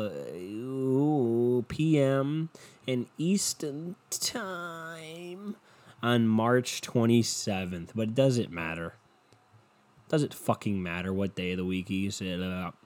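Profane rambling man with a low voice. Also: expressive, takes it slowly, long pauses. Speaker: podcast host. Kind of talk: casual solo podcast rant. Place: at home.

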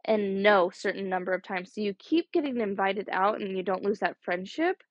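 A college-age young woman with a drawl hosts a casual solo podcast, speaking at a moderate pace in a mid-range voice. She rambles chattily, circling back and dropping "like" everywhere, in a dry recording with no echo that sounds a bit muffled.

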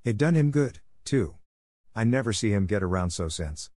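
A man voicing a mischievous young boy who is quick with innocent-sounding excuses. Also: lowish voice, expressive, warm tone, no echo, studio quality. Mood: sly.

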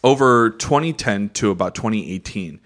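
A man co-hosting a podcast who explains his points in a calm, measured way. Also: lowish voice. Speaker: podcast co-host. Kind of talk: casual podcast discussion.

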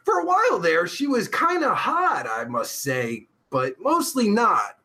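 Guy streamer reading chat, crude and rambly, high bright voice that jumps all over, takes his time. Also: huge pitch swings. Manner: rambling, vulgar, quick to get riled up. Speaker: live show host reading chat.

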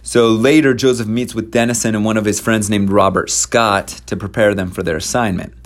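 A man with a somewhat low voice retells a dramatic historical episode in a loose, conversational way. He leans on slang and fillers and acts out the quoted dialogue with energy. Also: fairly even intonation, fairly quick. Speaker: storyteller presenting church history. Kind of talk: casual storytelling talk.

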